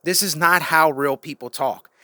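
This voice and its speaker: A man's voice: fairly high pitch, moderate pace, sharp tone, no room sound. A man giving a frank, opinionated monologue in a casual vlog, often restarting and asking rhetorical questions. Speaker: vlogger.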